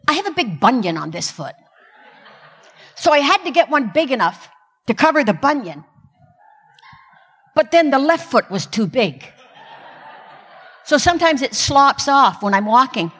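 Older woman, Christian speaker, higher voice, self-mocking humor, long hall echo. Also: big pitch swings, unhurried, pauses often, a bit bright, slightly rough. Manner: self-deprecating, comic timing. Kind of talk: humorous inspirational talk. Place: stage in a large hall.

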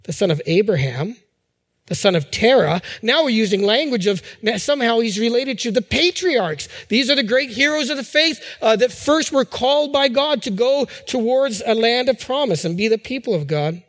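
Middle-aged male pastor, high voice, chatty sermon delivery with restarts, long hall reverb. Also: animated, normal speed, a bit bright. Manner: conversational preaching with fillers and restarts.

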